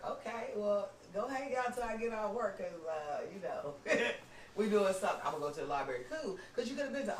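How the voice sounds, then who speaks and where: A woman podcast host telling a story in casual chat, animated and acting out what people said. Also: medium pitch, fairly quick, slight background noise. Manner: animated, acts out quoted lines, lots of "you know what I'm saying". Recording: roomy room, distant mic.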